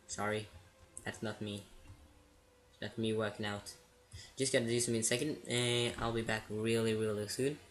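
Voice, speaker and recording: Casual gamer guy narrating his play, excitable and giggly, slow unhurried delivery. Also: on the low side. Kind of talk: casual gameplay commentary.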